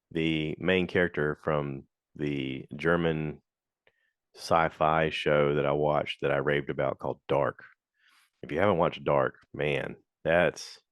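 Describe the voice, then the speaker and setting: A man's voice: no echo, clean studio sound. A man hosting a casual solo podcast, rambling through reviews with lots of fillers and acted-out quotes. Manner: rambling and chatty, acts out quotes in high voices. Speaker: podcast host.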